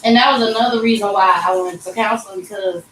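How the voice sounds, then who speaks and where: A woman in her 30s hosts a livestream from a tattoo shop, telling a personal story in a casual, emotional, candid way and calling her viewers "y'all." Her voice is medium-pitched, fast and fairly bright. She's off-mic in a roomy, echoey space with a faint hum behind her.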